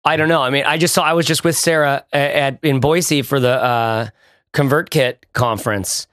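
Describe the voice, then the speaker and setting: A man co-hosting a podcast, talking casually in a halting, affirming way. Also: medium pitch, steady tone, a bit bright, dry recording, studio quality. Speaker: podcast co-host.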